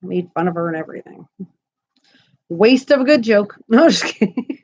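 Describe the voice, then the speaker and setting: A woman's voice: mid-range voice, lively intonation, brisk, muffled recording. A woman in her thirties hosting a live crochet stream from home, chatty and giggly as she reads viewer comments aloud. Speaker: crochet channel host. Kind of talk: casual live-stream chat.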